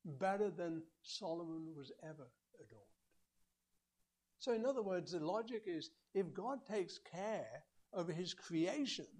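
A man preaching a sermon in an earnest voice, rising to emphatic peaks and dropping low, with rhetorical questions to the congregation. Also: darkish tone.

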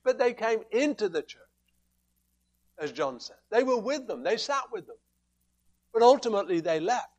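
High-voiced man preaching a sermon. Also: very animated, normal speed, pauses often, darkish tone. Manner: emphatic, rhetorical questions, quoting scripture.

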